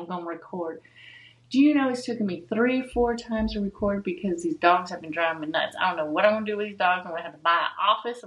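Young adult woman, solo podcast host, blunt and profane, animated casual talk. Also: medium pitch, rough recording. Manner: blunt, swears a lot, animated and chatty. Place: home with dogs.

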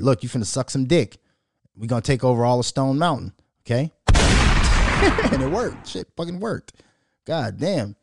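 A man hosting a podcast, ranting loudly and profanely in casual commentary, mocking and joking as he goes. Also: a little high, no room sound, studio quality. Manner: profane, loud, mocking, animated. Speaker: podcast host.

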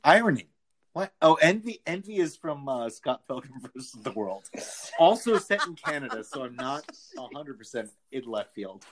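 A man co-hosting a podcast in casual chat, animated and jokey, laughing often. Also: medium pitch, moderate pace. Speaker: podcast co-host.

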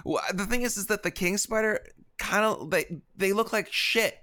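A man co-hosting a podcast in casual chat, quick and opinionated and swearing freely. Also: high-pitched, sharp tone. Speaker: podcast co-host.

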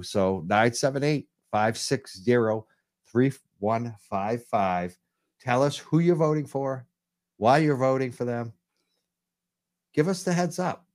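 A man's voice: mid-range voice, a little mellow. Enthusiastic male radio call-in host. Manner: enthusiastic, rambling with restarts. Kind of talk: live call-in radio chat.

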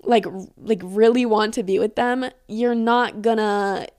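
A woman's voice: medium pitch, steady tone, measured pace, darkish tone. A young woman hosting a podcast in casual, rambling chat, giggly and freely swearing. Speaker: podcast host.

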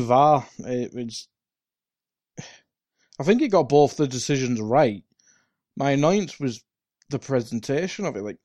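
A man's voice: mid-range voice, mellow, no room sound. A man co-hosting a casual football podcast, chatty and sprinkling his talk with "like". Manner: chatty, quick laughs, lots of "like". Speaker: podcast co-host.

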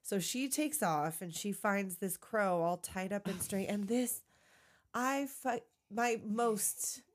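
A woman's voice: medium pitch, slow pace. A young woman co-hosting a podcast, chatting casually as she recaps a movie and acts out character lines in voices. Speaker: podcast co-host.

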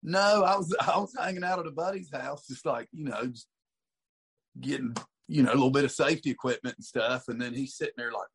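A man's voice: mid-range voice, a little fast, vocal fry, husky. A man as a guest in a casual chat, easygoing, swearing and calling people dude and buddy.

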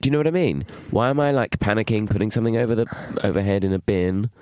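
A middle-aged man co-hosting a comedy podcast, chatting casually in a teasing, wry way with drawn-out emphasis. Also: lowish voice, darkish tone, dry recording, clean studio sound.

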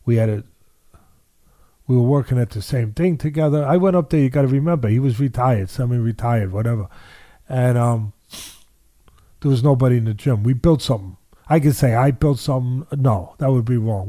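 A man's voice: medium pitch, mellow, no room sound. An older man, a boxing trainer, telling a story in an interview with emphatic repetition and quoted voices.

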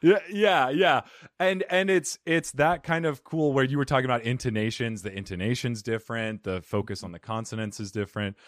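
Smooth radio-voiced man with a dry sound. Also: medium pitch, brisk, no echo. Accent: Italian. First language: Italian. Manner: smooth radio-style delivery. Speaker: podcast host. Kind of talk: casual podcast interview.

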